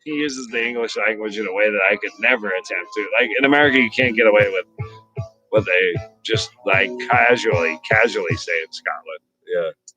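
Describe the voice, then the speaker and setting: A man's voice: on the low side, brisk, music in the background. Profane rambling man. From North Shore of Boston. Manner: profane, rambling, laughs often. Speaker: host. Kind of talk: casual livestream chat and freestyle rap.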